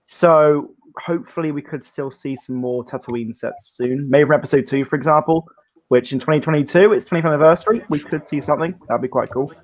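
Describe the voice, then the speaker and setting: A man chatting casually as a livestream guest, musing aloud with many pauses. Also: on the high side. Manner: musing, lots of "um" and "quite cool". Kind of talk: casual chat.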